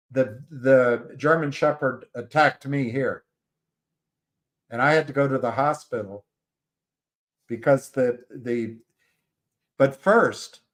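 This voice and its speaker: Brief: male livestream host, unhurried, halting storyteller with frequent restarts. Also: medium pitch. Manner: halting, rambling, many restarts. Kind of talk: casual livestream chat and storytelling.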